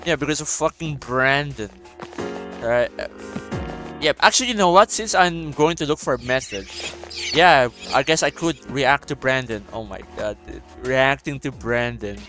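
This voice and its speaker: A man's voice: medium pitch, lively intonation, moderate pace, over music. A man hosting a casual gaming stream, ranting profanely and emphatically while losing his voice. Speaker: streamer host.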